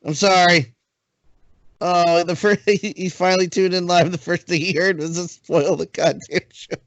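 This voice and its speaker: A young man hosting a casual wrestling podcast, excitable and quick to laugh. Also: sits high, no room sound, lo-fi sound. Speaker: podcast host. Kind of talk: casual chat.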